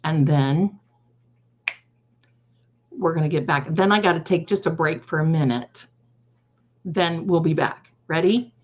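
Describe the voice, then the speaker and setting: A woman's voice: sits low, a little slow, long pauses, muffled recording. A woman hosting a tarot live stream, chatting casually in an effusive, gushing way.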